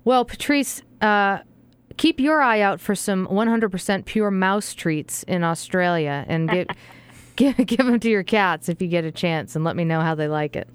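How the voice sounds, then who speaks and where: A woman's voice: medium pitch, normal speed, clean tone, no room sound. A woman hosting a talk radio show, friendly and chatty, with frequent fillers.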